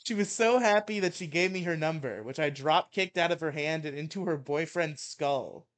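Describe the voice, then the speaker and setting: A man's voice: fairly high pitch, normal speed. A young man co-hosting a casual show, reading a comedy article aloud with mock outrage and laughing at his own reading. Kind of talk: casual chat and comic dramatic reading.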